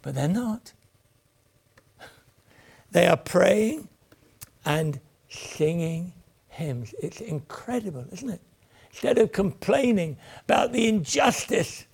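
A man's voice: sits high, lively intonation, slow pace, gravelly, long pauses, breathy edge. A man preaching a sermon in an earnest voice that swells and then sinks almost to a whisper. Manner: earnest, rises and falls, drops to near whispers.

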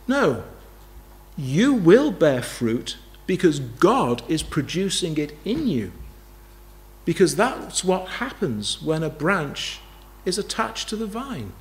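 A man preaching a sermon, emphatic, repeating key phrases and asking rhetorical questions. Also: high-pitched.

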